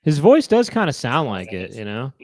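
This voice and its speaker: A man's voice: mid-range voice, wildly swooping pitch, normal speed, a little mellow, dry recording, clean studio sound. A man hosting a casual comedy chat, rambling and jokey. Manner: rambling, jokey, lots of "you know". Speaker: host.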